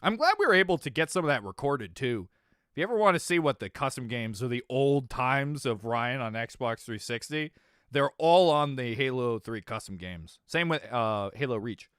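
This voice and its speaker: A young adult man chatting casually on his stream, telling stories animatedly, swinging from mumbles to loud exclamations, laughing and swearing freely. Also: mid-range voice, expressive, moderate pace, clear, resonant tone, no room sound, clean studio sound. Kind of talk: casual chat.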